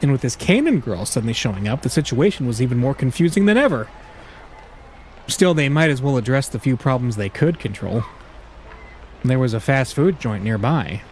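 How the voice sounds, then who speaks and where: A man's voice: medium pitch, lively intonation, moderate pace, a little mellow, a little hiss or hum. A man hosting a let's play, reading a visual novel aloud with casual, jokey asides.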